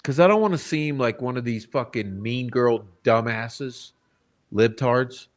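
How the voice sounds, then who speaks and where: Male channel host, mid-pitched voice, swears freely, talks to his viewers in an exasperated rant. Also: unhurried. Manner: profane, blunt, exasperated; addresses the chat directly. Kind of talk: ranting true-crime commentary.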